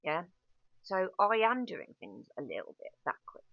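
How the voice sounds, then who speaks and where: Gravelly frank woman, chatty. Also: on the low side, sing-song, measured pace, no echo. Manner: chatty, frank, self-correcting with frequent ums. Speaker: site manager and pub owner. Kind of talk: candid casual monologue. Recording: dull lo-fi, dry sound.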